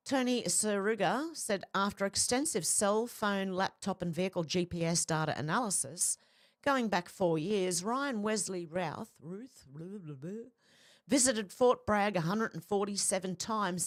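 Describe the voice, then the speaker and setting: A woman's voice: mid-range voice, measured pace. An Australian woman hosting casual commentary, chatting and reading out posts with laughs between them. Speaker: host.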